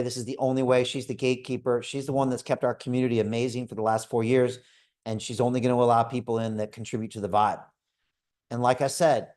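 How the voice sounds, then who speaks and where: Man, fifties, energetic, direct, motivational sales pitch, video call, mid-range voice. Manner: energetic, direct, addresses listeners as folks. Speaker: host of a crypto investment club.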